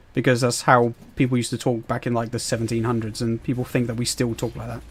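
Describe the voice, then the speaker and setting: Chatty British streamer, mellow voice. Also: male voice, mid-range voice, fairly even intonation, brisk, slightly rough. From Britain. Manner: chatty and rambling, answering chat with fillers and laughs. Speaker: gaming streamer. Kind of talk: live stream chat.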